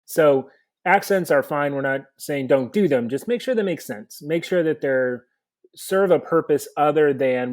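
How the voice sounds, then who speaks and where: A man's voice: a little high, measured pace. Man coaching in a podcast chat. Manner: explanatory, coaching tone with rhetorical questions. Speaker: podcast co-host and mock trial coach. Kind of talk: conversational podcast advice.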